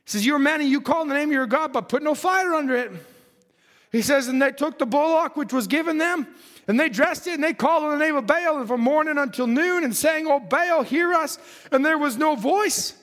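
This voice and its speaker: A man delivers a fervent sermon in a very high voice, reading scripture and breaking into shouts. His voice rings with a long reverb, as if in a large hall. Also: fairly quick. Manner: fervent, reads scripture aloud, shouts at peaks. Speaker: preacher.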